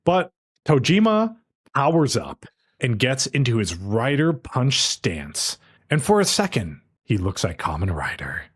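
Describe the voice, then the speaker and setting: A man recapping a show on a podcast, his pitch swinging up and down as he tells the story. He talks casually and swears now and then, jumping between narration and quick quoted lines. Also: huge pitch swings, husky. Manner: casual and profane. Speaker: podcast host.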